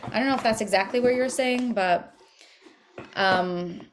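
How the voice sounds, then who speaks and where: A woman's voice: on the high side, measured pace, a little hiss or hum. A woman leading a religious study group, speaking earnestly in a casual, conversational way and repeating words for emphasis. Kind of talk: casual spiritual teaching and text reading.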